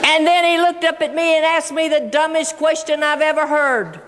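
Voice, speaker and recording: A woman's voice: sits high, steady tone, normal speed, heavy background noise. A woman giving a humorous storytelling speech to a large audience. She talks folksy and keeps addressing them as folks. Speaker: keynote speaker. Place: large auditorium. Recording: long hall reverb.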